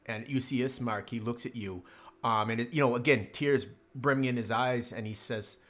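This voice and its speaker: A man acting as dungeon master, narrating a tabletop game in a relaxed way with many fillers. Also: mid-range voice, normal speed, hardly any pauses.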